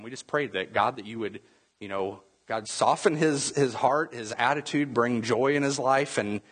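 A man's voice: medium pitch, a bit bright, husky. A middle-aged man preaching a sermon, telling stories in a conversational way with lots of fillers. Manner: storytelling, conversational with many fillers. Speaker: pastor.

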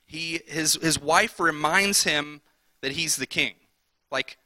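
Male pastor, slightly high and very bright voice, conversational sermon with quick character voices. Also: no room sound.

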